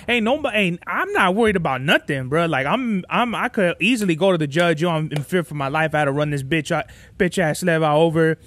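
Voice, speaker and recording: A man's voice: on the high side, lively intonation, brisk, a bit bright, no echo. A young man hosting a podcast, telling a rambling, profane story in street slang. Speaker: podcast host. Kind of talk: casual solo podcast storytelling.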